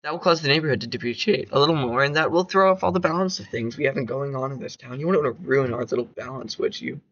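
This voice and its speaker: A man voicing a creepy male fine collector who turns out to be a monster, speaking in a flat monotone. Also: mid-range voice, fast talker, dull audio, close to an everyday voice. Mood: cold, menacing.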